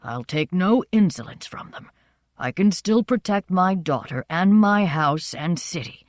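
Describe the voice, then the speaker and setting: A woman voicing an aging, weary king and father who speaks slowly and heavily. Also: lowish voice, animated, darkish tone, no echo, clean studio sound. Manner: slow, heavy, deliberate. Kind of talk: audiobook character voice.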